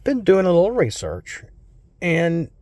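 An American man reading Bible verses slowly and solemnly, then explaining them in a casual, rambling way. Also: high voice, huge pitch swings, darkish tone, no echo. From United States. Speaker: Bible teacher.

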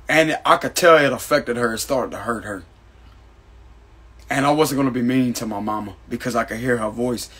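A man with a husky, slightly rough voice at an ordinary middle pitch tells a personal story straight to his audience. He talks emphatically and in a casual way, and he keeps calling the listener "bro.". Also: normal speed, fairly bright tone. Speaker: astrology channel host.

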